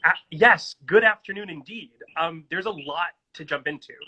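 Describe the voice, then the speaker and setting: A man's voice: on the high side, moderate pace, sharp tone, breathy edge, muffled recording. A man hosting a casual live-stream interview from home on his phone, gushing and chatty. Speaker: host. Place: at home in New York. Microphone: phone on a social-media live stream.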